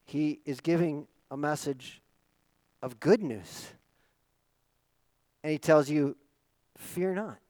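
Middle-aged male pastor, high voice, dry close sound, dynamic sermon delivery. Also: steady tone, takes it slowly, pauses often, no room sound, low-quality recording. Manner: dynamic preaching with rhetorical questions, swinging from loud emphasis to quiet asides.

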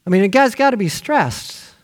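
A male pastor preaching a sermon, telling a story with lively acted-out voices for the people in it. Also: sits high, moderate pace. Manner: animated storytelling, acting out quoted voices.

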